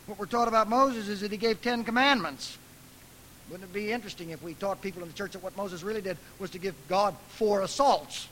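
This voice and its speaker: Male preacher, bright and forceful, emphatic with big dynamic swings, faint hiss behind. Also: high-pitched, brisk, low-quality recording. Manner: emphatic, swinging from soft asides to loud dramatic outbursts. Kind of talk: lecture-style preaching.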